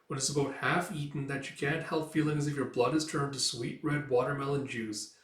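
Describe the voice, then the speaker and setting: A man reading the lines of a shy, gentle young woman from a comic, softly and unhurriedly, in a roomy recording from a distant mic. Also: mid-range voice, fairly even intonation, a little fast, close to an everyday voice. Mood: dreamy.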